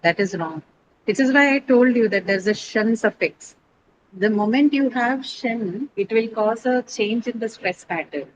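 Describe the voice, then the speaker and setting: A woman's voice: fairly high pitch, unhurried, highs cut off, slight background noise. Woman teaching an online English class. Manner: patient, corrective, explains stepwise.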